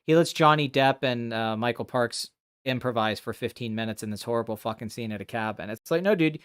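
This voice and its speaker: A man hosting a casual live stream chat, talking in animated, rambling bursts with restarts and plenty of swearing. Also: mid-range voice, fairly quick, clean tone. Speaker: podcast host.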